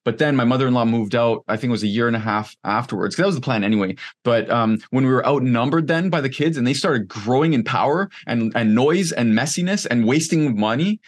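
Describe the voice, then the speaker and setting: A man in his thirties, a podcast guest, talking in a casual, candid and rambling way, with lots of "like" and the odd swear word. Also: mid-range voice. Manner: candid, rambling, heavy use of "like", occasional swearing. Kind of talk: casual conversation.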